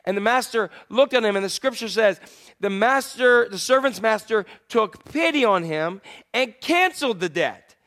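A man with a notably high voice preaches to his congregation in a chatty, questioning way. He jumps from loud, emphatic lines to near-hushed ones. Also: expressive, moderate pace. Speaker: pastor. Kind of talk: sermon.

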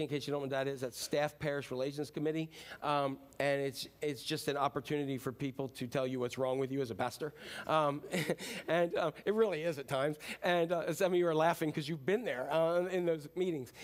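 A man's voice: on the high side, brisk. A middle-aged man preaching a sermon, telling stories animatedly with frequent ums and acted-out quotes. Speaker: pastor. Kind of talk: storytelling sermon. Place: church sanctuary.

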